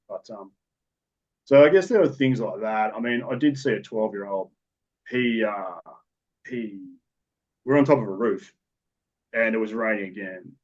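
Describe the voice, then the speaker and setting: A man with an Australian accent, a police officer telling stories from the job in a podcast interview, in a matter-of-fact, rambling way with restarts. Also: fairly low pitch. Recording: dull lo-fi recording.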